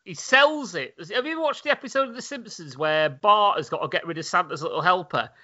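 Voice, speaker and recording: A man's voice: high voice, animated, fast, bright, forceful tone. A man co-hosting a casual podcast, chatty and swearing, with laughing asides. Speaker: podcast co-host. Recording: dull lo-fi sound.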